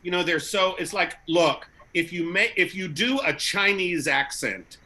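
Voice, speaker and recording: A man with a somewhat high, bright and forceful voice talks in a casual panel chat. He is animated and argumentative, and he fires back quick rebuttals. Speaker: comedian guest.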